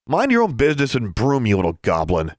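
A man's voice: mid-range voice, huge pitch swings, brisk, dry recording, studio quality, pitched above the performer's own voice. A man voicing a contemptuous teenage wizard bully who taunts with mocking scorn in a storybook reading. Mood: sneering.

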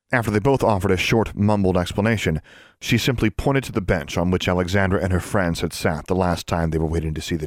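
A man with a very low, deep voice reads a story aloud in a measured, steady way. The sound is dry and close, with no room around it. It suits a calm audiobook narration. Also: dry recording. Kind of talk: scripted narration.

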